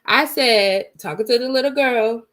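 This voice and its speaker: A woman's voice: fairly high pitch, unhurried, a bit bright. A woman vlogger telling a story in a casual, blunt and emphatic way, swearing freely and retelling it dramatically.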